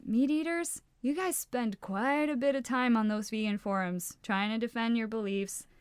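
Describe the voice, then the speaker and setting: A woman's voice: fairly high pitch, fairly even intonation, moderate pace, clean tone, no echo, clean studio sound. A woman co-hosting a casual podcast, talking frankly and with feeling, swearing freely and often restarting her sentences. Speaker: podcast co-host.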